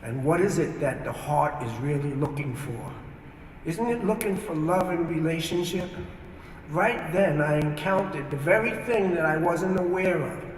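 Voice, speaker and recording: A man's voice: fairly high pitch, normal speed, a little hiss or hum. A man, from New York, earnestly telling his life story as a testimony and acting out his own past words. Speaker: speaker giving a testimony. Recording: echoey hall, distant mic, archive.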